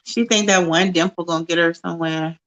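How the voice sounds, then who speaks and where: A woman's voice: lowish voice, fairly even intonation, a little fast, a bit bright, low-quality recording. A woman co-hosting a casual recap chat, agreeing emphatically and repeating her points. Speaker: co-host.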